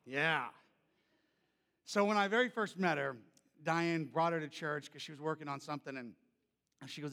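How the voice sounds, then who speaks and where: A male pastor telling a story in a sermon, loud and animated, then dropping to soft, gentle tones. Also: a little high, normal speed, pauses often, big-room sound.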